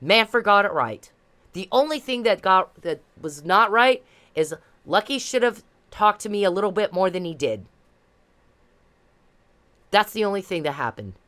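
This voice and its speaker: A woman's voice: mid-range voice, big pitch swings, moderate pace, a bit bright. Angry, profane woman. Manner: confrontational, repetitive, profane. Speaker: vlogger addressing police. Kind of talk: angry monologue to camera.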